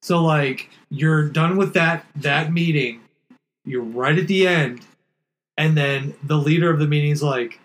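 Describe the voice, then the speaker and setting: A man's voice: fairly high pitch, poor audio. A man in casual podcast chat, ranting bluntly and with lots of swearing. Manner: blunt, swearing complaints in a quick ranting flow.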